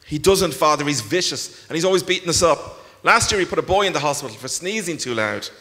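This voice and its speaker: Man voicing earnest hesitant boy of fourteen; animated rising pitch, long hall echo. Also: a little fast. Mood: nervous. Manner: hesitant, candid, pitch jumping upward. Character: nervous earnest fourteen-year-old boy confessing. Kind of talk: live reading aloud. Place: large concert hall. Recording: long concert hall reverb.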